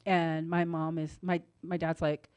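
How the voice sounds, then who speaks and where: A woman co-hosting a radio talk show, telling a story in a casual, animated way with lots of "like" and "you know", and acting out the other people's voices. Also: unhurried, clear, resonant tone, no room sound. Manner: animated, acts out quoted voices with big pitch jumps.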